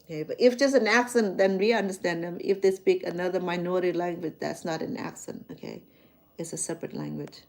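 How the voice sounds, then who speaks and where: A woman's voice: fairly low pitch, steady tone, a little fast, creaky, darkish tone. A woman from Cambodia with a Cambodian accent, a chef chatting casually to her viewers, repeating words and checking in with "okay?". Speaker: chef and host.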